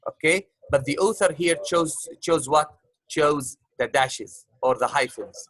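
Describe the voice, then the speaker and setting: A male teacher running an online class, his voice sitting a little high and sounding dry and close. He circles each question several times, fills gaps with uhs, and addresses his students fondly as love. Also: a little slow, no room sound. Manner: repeats and rephrases questions, many filler uhs; warm, calls students love. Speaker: English teacher.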